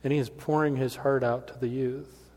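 A man's voice: mid-range voice, fairly even intonation, moderate pace, a little mellow. A middle-aged male pastor delivering a sermon with storytelling and emphatic rises, in a church sanctuary. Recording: long reverb of a church hall.

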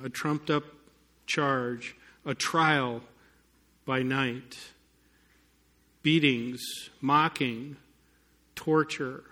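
A pastor with a pushed, bright mid-range voice preaches to a congregation, telling a story and building to emphatic points with touches of sarcasm.

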